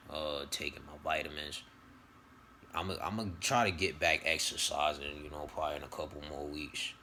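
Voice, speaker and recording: A man's voice: rumbling low, pushed and bright, a little hiss or hum. A man giving a casual, rambling motivational monologue on spiritual calling, slang-heavy and profane, often repeating himself. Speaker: vlogger giving spiritual advice.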